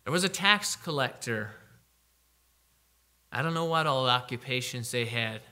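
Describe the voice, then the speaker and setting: A man preaching a sermon, emphatic, slowing down to read scripture aloud. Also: mid-range voice, animated, bright, forceful tone.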